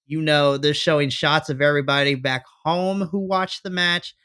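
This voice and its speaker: A man's voice: on the high side, fairly even intonation, moderate pace, pushed and bright, clean tone. A man co-hosting a podcast, chatting casually and animatedly about a wrestling show, acting out his own reactions. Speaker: podcast co-host. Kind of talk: casual wrestling review chat.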